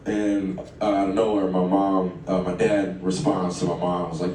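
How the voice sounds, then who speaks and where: A young man tells his stand-up set in a relaxed, chatty way, often chuckling at his own lines. His slightly low voice bounces around a very echoey room and sounds a little far from the mic. A steady background murmur sits under him. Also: moderate pace, slight background noise. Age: late 20s. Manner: conversational, chuckles through lines, loud acted quotes. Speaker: stand-up comedian. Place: live comedy venue, echoey room. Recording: echoey live room, distant, crowd ambience.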